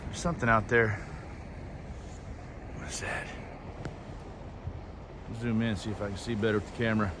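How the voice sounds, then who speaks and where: A man's voice: on the low side, little pitch movement, moderate pace, pauses often, noisy background. A man vlogging on a coastal hiking trail, rambling casually to his camera as he walks. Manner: rambling, chatty, talking to the camera. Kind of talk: casual chat while hiking.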